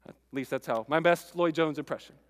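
A male pastor preaching a sermon, earnest and stirring, with relaxed conversational asides to the congregation. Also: on the high side, brisk, long reverb tail.

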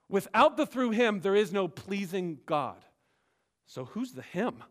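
Pastor, man, slightly high voice, emphatic teaching sermon. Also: lively intonation, normal speed, fairly bright tone. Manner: emphatic, explanatory preaching with rising and dropping delivery. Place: church sanctuary.

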